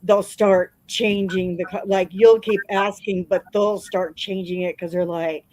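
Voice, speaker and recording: A woman's voice: mid-range voice, steady tone, a little slow, a little mellow, no echo, low-quality recording. A woman hosting a casual podcast chat, supportive and conversational.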